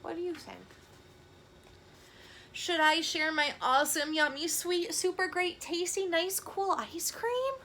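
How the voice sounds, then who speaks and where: A woman's voice: a little high, big pitch swings, slow pace, pushed and bright, slight background noise, full character voice. A woman voicing an eager young male elephant in a picture book, gushing and torn between treating himself and sharing. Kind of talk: picture-book read-aloud voice.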